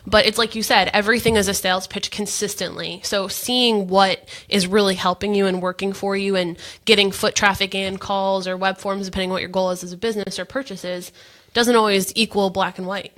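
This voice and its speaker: A woman co-host in a casual business conversation. She talks quickly and makes brisk, practical points, with a mid-range pitch. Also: fairly even intonation, a bit bright. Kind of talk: casual business talk show.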